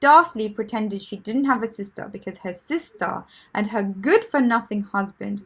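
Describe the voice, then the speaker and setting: A woman's voice: medium pitch, lively intonation, moderate pace, a bit bright, slightly rough. Chatty, encouraging woman teaching English. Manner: encouraging, chatty, many fillers and restarts. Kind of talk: live online vocabulary lesson.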